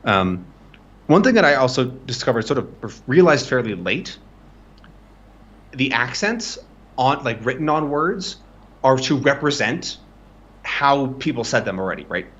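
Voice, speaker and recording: A man's voice: mid-range voice, big pitch swings, a little slow, long pauses, fairly bright tone, muffled recording. A man tutoring pronunciation in a casual live-streamed lesson, explaining loosely and checking in with frequent "right?". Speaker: language tutor.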